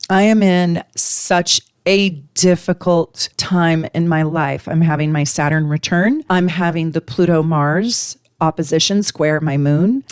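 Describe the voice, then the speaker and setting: A woman astrologer telling a personal story to her viewers with animated emotion. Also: sits low, clear, resonant tone, no echo, studio quality. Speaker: astrologer and tarot reader. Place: home, lives in Washington State.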